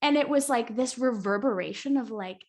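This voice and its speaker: A woman guest on a casual podcast telling a story with lots of fillers and animated quotes of herself. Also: fairly high pitch, normal speed.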